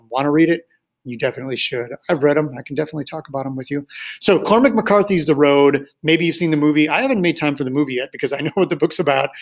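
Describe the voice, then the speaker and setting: A man's voice: a little high, low-quality recording. A male teacher casually recommending books to his students, rambling loosely with many fillers and restarts.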